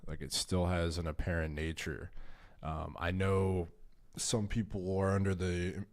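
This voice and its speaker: Very deep-voiced man explaining stock charts. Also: flat delivery, measured pace, no room sound. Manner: loose, swears, restarts and stumbles over words. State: tired, short on caffeine. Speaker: trading stream host. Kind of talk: casual livestream chart walkthrough.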